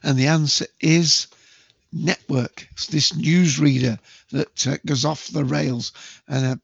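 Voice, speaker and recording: A man hosting a casual movie quiz, chatty and jokey, with bursts of loud quote acting. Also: a little high, steady tone, slow, vocal fry, breathy edge, no room sound. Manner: chatty, jokey, self-mocking, acts out movie quotes loudly. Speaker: quiz host. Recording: dull lo-fi dry home recording.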